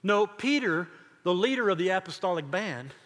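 An older man preaching a sermon, emphatic, building lists of words with dramatic pauses. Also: high voice, expressive, fairly bright tone, long reverb tail. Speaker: pastor.

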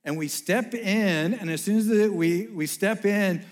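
Animated man telling a sermon story. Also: sits high, measured pace. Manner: animated, acts out the people in his story.

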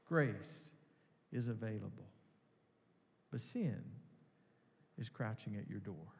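A male pastor delivers an earnest sermon. His voice is mid-pitched and carries a long hall reverb. He swells to strong emphasis, then drops low and slows down. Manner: earnest preaching with rising emphasis and slow pauses. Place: large church hall.

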